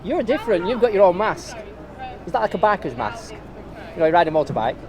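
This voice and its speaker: A man's voice: high-pitched, very animated, fast talker. Man, street vlogger, joking, casual chat, handheld camera, crowd noise behind. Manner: chatty, joking, teasing. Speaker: street video blogger filming a protest. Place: busy city street outdoors. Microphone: handheld camera mic. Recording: noisy outdoor crowd recording. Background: crowd and traffic.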